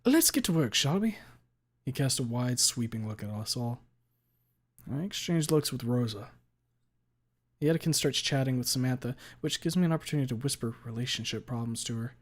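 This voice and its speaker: A man reads a visual novel aloud as its first-person narrator. His voice sits at a middle pitch, and his delivery is even and steady. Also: brisk.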